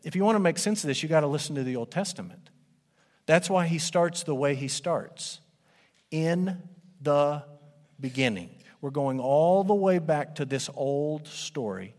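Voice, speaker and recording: A man preaching a sermon as pastor, animated and conversational, speaking to a congregation in a church. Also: a little high, measured pace. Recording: long hall reverb.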